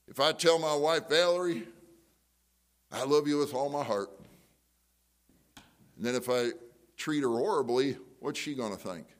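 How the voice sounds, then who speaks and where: A middle-aged male pastor preaching a sermon in a conversational way, asking the congregation questions. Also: mid-range voice.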